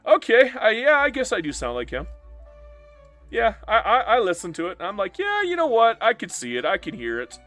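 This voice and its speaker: A man's voice: high voice, huge pitch swings, fairly quick, a bit bright, soft background music. A man live-streaming a strategy game and bantering playfully with his chat as he reads their messages aloud.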